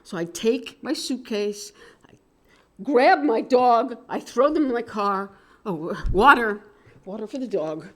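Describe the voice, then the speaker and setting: A woman telling a personal story at an open mic, swinging between hushed and loud with strong emotion. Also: a little high, expressive, unhurried. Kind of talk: live dramatic storytelling.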